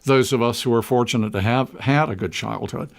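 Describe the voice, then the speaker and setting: A man's voice: medium pitch, a little fast, gravelly. An American man co-hosting a conversational discussion, reflective and given to wry asides and anecdotes. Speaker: co-host.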